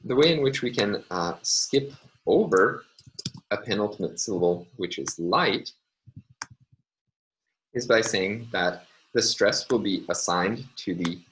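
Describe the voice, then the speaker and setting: Low-voiced male lecturer, careful and halting. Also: animated, fairly bright tone, slight background noise, poor audio. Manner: careful, self-correcting, with frequent ums and uhs. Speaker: linguistics lecturer. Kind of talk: recorded lecture over slides.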